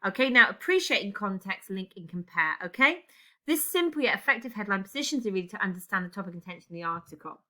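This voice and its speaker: A woman's voice: mid-range voice, animated, fast, bright, forceful tone. A woman teaching an English lesson, thinking aloud and explaining step by step as she types out an example answer. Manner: talks while typing, thinking aloud. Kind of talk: recorded exam-writing lesson.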